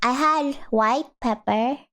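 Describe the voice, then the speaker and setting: A woman's voice: high-pitched, takes it slowly, a bit bright. A young woman streamer chatting casually with her viewers, reading their messages aloud, giggling often and rambling between topics. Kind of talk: casual chat with live viewers.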